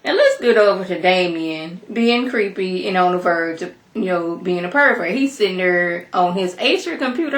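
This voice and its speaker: A young woman giving a sassy, chatty recap of a TV episode, full of animated asides. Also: fairly low pitch, normal speed, few pauses, reverberant. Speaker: TV episode reviewer. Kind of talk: casual recap commentary.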